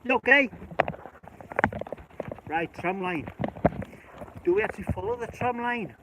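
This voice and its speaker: A man's voice: high voice, expressive, normal speed. A man vlogging while walking uphill outdoors, rambling and joking in a put-on Irish accent. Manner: rambling, chatty, jokey. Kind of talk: walking vlog. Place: outdoors on hilly streets. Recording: loud wind noise outdoors.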